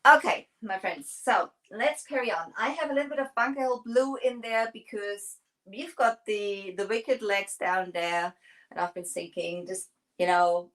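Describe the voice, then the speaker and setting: A woman's voice: medium pitch, fairly bright tone, poor audio. A woman hosting a livestream, chatting casually and rambling with many fillers while she paints furniture.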